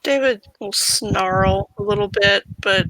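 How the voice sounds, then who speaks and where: A game master narrating a tabletop role-playing game in a calm telling, with small stumbles and repeated words. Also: mid-range voice, takes it slowly, no echo, low-quality recording.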